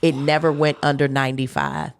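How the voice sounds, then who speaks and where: With a low, smooth voice and level tone, a guest chef speaks briskly as she tells a personal story in a casual interview. She laughs often, acts out the voices of people she quotes, and gives an emphatic, faith-filled retelling.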